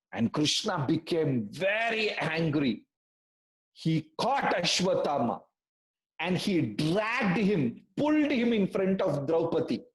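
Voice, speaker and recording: A man telling a story in an online class for children, animated and asking the class questions. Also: fairly high pitch, echoey room, poor audio. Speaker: storytelling teacher.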